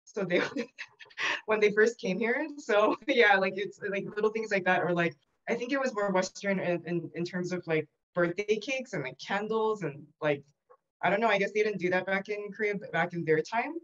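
A woman therapist talking fast in a casual podcast chat, filling her speech with "like". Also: medium pitch. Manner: rapid, filler-heavy with many "like"s. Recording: muffled lo-fi audio.

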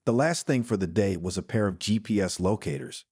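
Speaking a little fast, a man tells a first-person story in a plain, steady way. His voice has a husky texture and sits on the lower side, captured in a close, dry recording with no room sound.

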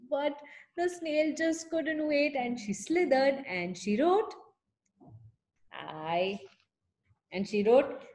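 Female teacher, storytime reader; slow, lively, slightly high voice. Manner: animated, pausing to explain and ask questions. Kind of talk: reading a picture book aloud to children.

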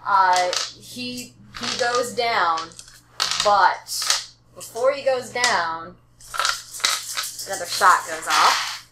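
A woman narrating as game master in a casual, teasing way, with many fillers and pauses. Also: mid-range voice, background noise. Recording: echoey room.

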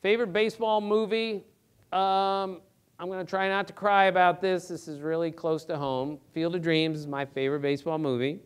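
A middle-aged man, a sports reporter, answering audience questions on a theater stage in an animated, earnest way, with emphatic rhetorical questions. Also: high voice, moderate pace, smooth. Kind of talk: live Q&A talk.

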